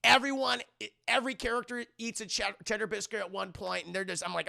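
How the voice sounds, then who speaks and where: Animated man reviewing a movie for chat. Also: sits high, brisk, gravelly. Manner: animated, rambling, swears, addresses chat. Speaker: streamer and film reviewer. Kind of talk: casual live-stream movie review.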